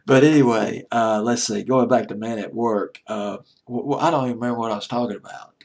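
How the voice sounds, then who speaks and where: Husky Southern man rambling about songs. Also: medium pitch, fairly even intonation, brisk, a little mellow. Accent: American Southern. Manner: rambling, chatty, self-mocking. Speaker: music countdown host. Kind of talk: casual music commentary.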